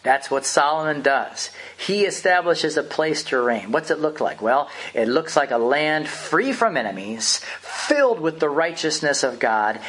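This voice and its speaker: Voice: mid-range voice, very animated, measured pace, few pauses, fairly bright tone, slightly rough. A preacher delivering an impassioned, emphatic sermon, full of rhetorical questions.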